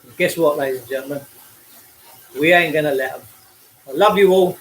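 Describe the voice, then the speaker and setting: A man's voice: a little high, fairly quick, a bit bright, slight background noise, poor audio. An out-of-breath Englishman, delivering a blunt, preachy livestream rant while cycling outdoors, speaking into a phone.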